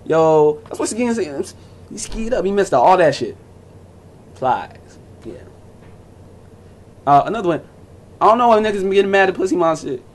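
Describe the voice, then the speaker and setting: A man's voice: high voice, expressive, normal speed, long pauses. A young man vlogging to camera in a casual, profane rant, blunt and mocking as he talks over music and forum posts.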